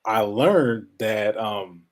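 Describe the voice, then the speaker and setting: A man with a nasal voice, a guest in a casual interview, talking quickly, now and then mumbling and breaking into laughter. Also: on the low side. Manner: fast-talking, sometimes mumbles, laughs often. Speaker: podcast guest.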